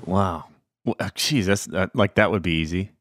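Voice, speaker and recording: A man's voice: low-pitched, moderate pace, a bit bright. A man hosting an interview, asking reflective, probing follow-up questions. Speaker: podcast host. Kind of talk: casual interview.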